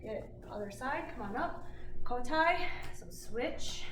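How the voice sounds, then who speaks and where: A woman's voice: high-pitched, lively intonation, takes it slowly. A middle-aged woman leading a kids' exercise class, encouraging and counting reps aloud. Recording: roomy, distant, faint noise.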